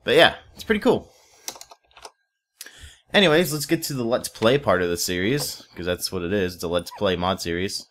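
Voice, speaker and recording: A man's voice: on the low side, animated, moderate pace, a bit bright, a little hiss or hum. A young man casually commenting while playing a modded block game, rambling, swearing offhand and chatting to viewers and in-game animals. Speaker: Let's Play host.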